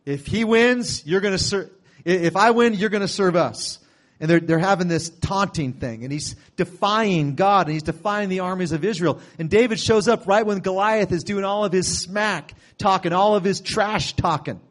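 A man preaching a sermon with a somewhat high voice. He retells the story casually and conversationally, then breaks into sudden loud bursts. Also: moderate pace.

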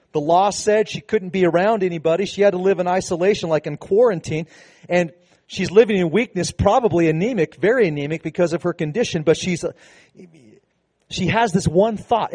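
A man preaching a sermon to a congregation, emphatic, slowing down on key phrases and leading call-and-response. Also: high-pitched, darkish tone, no echo. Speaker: pastor.

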